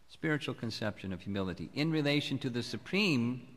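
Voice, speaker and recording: A man gives a temple lecture at a mid-range pitch, his calm, unhurried words carrying a long reverb that hangs in a large hall. His delivery is measured and reflective, like a teacher working through scripture with a congregation. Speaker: spiritual teacher giving a lecture. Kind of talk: sermon.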